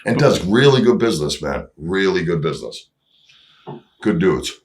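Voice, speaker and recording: A man, a drummer guest, telling stories in casual chat, animated, acting out what people said and swearing freely. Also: sits low, normal speed, echoey room. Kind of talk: casual storytelling.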